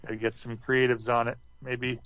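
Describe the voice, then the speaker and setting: A man's voice: mid-range voice, level tone, moderate pace, a bit bright, no room sound. Easygoing man co-host, muffled sound. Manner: easygoing, agreeable. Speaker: podcast co-host. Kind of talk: casual chat.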